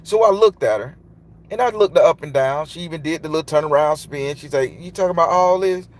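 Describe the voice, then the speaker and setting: A man's voice: a little high, fairly quick. A man, a tarot reader telling a long, loose, profane story in casual monologue. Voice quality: loose, profane, emphatic delivery.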